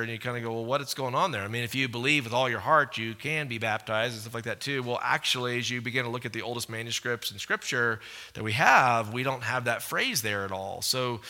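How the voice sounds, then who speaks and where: Bright-voiced animated preacher. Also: male voice, mid-range voice. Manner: animated, conversational, rhetorical questions. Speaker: pastor. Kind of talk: sermon. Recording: echoey hall reverb.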